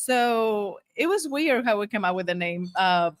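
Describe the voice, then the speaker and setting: A woman's voice: medium pitch, animated, a little slow, no echo. A woman restaurant owner being interviewed, friendly and polite, answering with "yes, sir.". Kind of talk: interview conversation.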